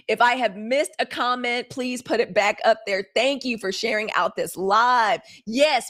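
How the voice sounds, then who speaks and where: A woman's voice: high-pitched, fairly bright tone. A middle-aged woman from Mississippi with a Southern accent, hosting a live news commentary stream in a blunt, fired-up, profane manner, talking straight to viewers. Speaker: live news show host.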